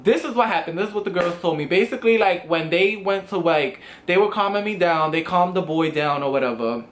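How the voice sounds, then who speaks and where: A young man telling a storytime vlog in a casual, animated way, full of swearing and acted-out quotes. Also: high-pitched, brisk, slight background noise. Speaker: vlogger.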